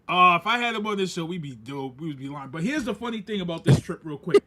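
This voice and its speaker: A man, co-hosting a podcast and telling a story casually, animated and laughing as he acts out quoted voices. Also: high-pitched, quick pace, a crowd in the background. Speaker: podcast co-host.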